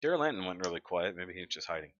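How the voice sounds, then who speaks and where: A man's voice: low voice, very animated, very fast, a bit bright. A man hosting a casual live stream, chatting and joking as he reads comments aloud into a desk mic. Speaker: livestream host. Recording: dry, dull lo-fi sound.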